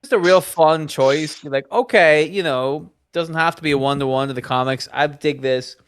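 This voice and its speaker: A man with a higher, smooth and resonant voice chats about movies on a podcast. He is animated, acting out reactions and mock-quoting characters in relaxed talk. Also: normal speed. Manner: animated, acts out reactions in quotes. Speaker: podcast co-host. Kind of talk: casual film discussion.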